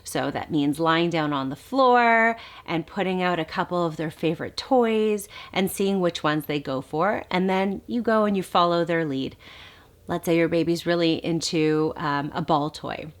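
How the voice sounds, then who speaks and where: Woman speech therapist, calm instructional delivery, sing-song when modeling sounds. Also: on the low side, measured pace. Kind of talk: instructional talk to parents.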